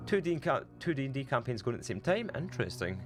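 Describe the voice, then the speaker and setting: A man's voice: medium pitch, big pitch swings, fast talker, faint music behind. A man with a Falkirk Scottish accent streaming a game and chatting to his viewers in a rambling, casual way. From Scotland. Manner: rambling, chatty, talks to chat. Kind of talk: casual gameplay chat.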